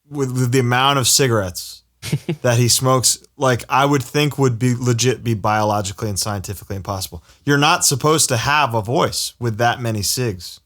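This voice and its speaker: A man's voice: mid-range voice, fairly bright tone. A man hosting a podcast, asking questions and joking with his guest. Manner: joking, quick to react and banter. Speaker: podcast host. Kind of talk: casual interview chat.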